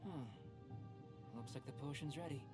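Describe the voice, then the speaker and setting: A man voicing a calm, precise young alchemist. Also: on the high side, lightly acted. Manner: measured, precise, composed. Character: calm young male alchemist, measured and composed. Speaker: game character. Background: game music.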